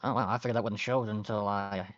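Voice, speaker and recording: A man narrating as game master of a tabletop game, relaxed and halting, with fillers between phrases. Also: on the low side, no room sound, dull audio.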